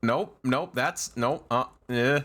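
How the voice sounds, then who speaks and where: A male streamer chats casually and slowly on a live stream, rambling with fillers and laughter in a fairly bright voice. He often jumps up into high, shrieking protests.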